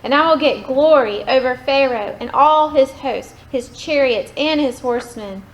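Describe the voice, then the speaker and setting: A woman reading scripture aloud in a steady, measured way. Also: high-pitched, low-quality recording. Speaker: scripture reader.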